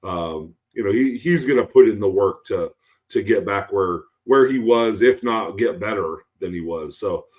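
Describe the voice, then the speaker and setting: A man's voice: fairly low pitch, moderate pace, darkish tone. A tired man co-hosting a podcast, rambling in casual chat with lots of fillers and some swearing. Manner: rambling, many ums and you-knows, swearing. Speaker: podcast co-host.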